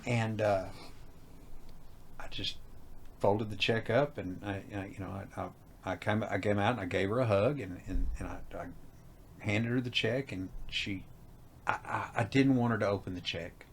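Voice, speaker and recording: A man's voice: lowish voice, moderate pace, a little hiss or hum. A middle-aged man, telling a story as an interview guest and acting out the voices in it. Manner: animated, acts out quoted dialogue. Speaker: haunted house owner, guest.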